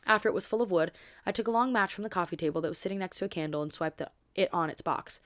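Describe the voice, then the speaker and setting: A woman reading a romance novel aloud for her book channel, expressive and dropping in quick asides of her own. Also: on the low side.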